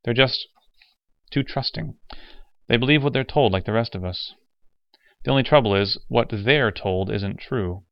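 A man's voice: medium pitch, a little slow, gravelly, pauses often, dry recording, highs cut off. A man playing a mild, weary driver. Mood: earnest. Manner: mild, explaining. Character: calm, weary male driver.

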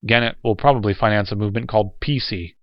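A man reading the lines of a cool, detached alien man who speaks flatly and matter-of-factly. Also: on the low side, fast talker, no echo, lightly acted. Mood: indifferent. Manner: flat, detached, matter-of-fact. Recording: dull lo-fi recording.

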